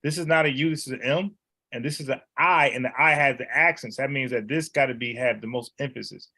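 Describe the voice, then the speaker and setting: A man's voice: mid-range voice, fairly quick, sharp tone. A man teaching in a casual, conversational way, repeating words and explaining letters one by one. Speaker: Bible teacher.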